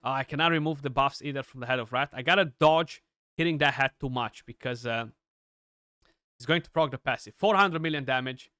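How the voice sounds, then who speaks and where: A young man giving chatty, excitable live commentary on his gameplay, with many restarts and fillers. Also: mid-range voice, a little fast, smooth, no room sound, clean studio sound. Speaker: gaming streamer.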